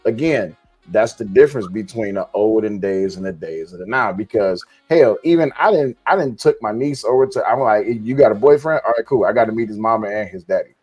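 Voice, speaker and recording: Animated, swearing male storyteller. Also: fairly low pitch, brisk, breathy edge, faint music behind. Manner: animated, profane storyteller who acts out quotes. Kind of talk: casual storytelling chat.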